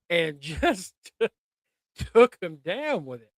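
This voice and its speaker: Male podcast host, high voice, dry close sound, profane animated recap chatter. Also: a little slow, dry recording. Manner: animated, profane, retells promos in quoted voices. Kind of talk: casual wrestling recap chat.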